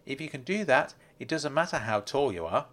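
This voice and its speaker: Calm older con artist read by a man, measured, explanatory, mid-pitched. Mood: explaining.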